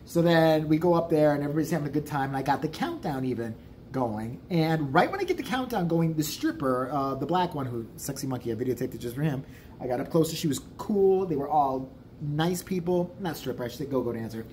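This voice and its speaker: A man's voice: a little high, animated, brisk, darkish tone, a little hiss or hum. A man in his forties telling a story as a vlogger, in a profane, exasperated, ranting way. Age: 40s.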